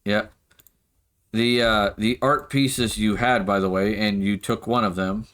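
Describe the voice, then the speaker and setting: A man's voice: on the low side, fairly even intonation, a bit bright. Hesitant man narrating a tabletop game. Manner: halting, filler-heavy narration. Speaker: game master.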